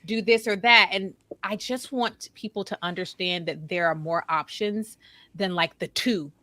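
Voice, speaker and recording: A woman's voice: on the low side, a little slow, sharp tone, dry recording. A woman guesting on a podcast, talking earnestly in a casual conversation and repeating phrases for emphasis.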